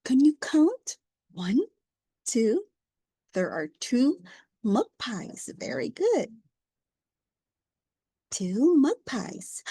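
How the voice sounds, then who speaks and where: A woman teaching an English lesson to a young learner, speaking slowly, repeating words and praising often. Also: high-pitched, sing-song, mellow, husky, no echo, clean studio sound.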